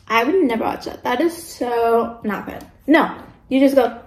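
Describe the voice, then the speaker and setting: A young woman vlogs casually while eating in a mukbang, ranting about her pet peeves with plenty of fillers. Her voice is a little high and moderately paced, and the audio is poor and reverberant.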